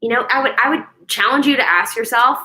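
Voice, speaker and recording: A woman's voice: on the high side, quick pace, bright, forceful tone, rough recording. A young adult woman hosting a daily live meditation stream, chatting in a casual, upbeat way with many fillers and restarts.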